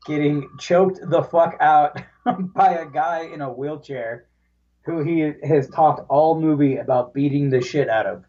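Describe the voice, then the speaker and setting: A man co-hosting a relaxed movie podcast speaks in a slightly mellow, high-leaning voice, captured by a dull, distant mic. Recalling scenes, he meanders, restarts his sentences, and laughs along.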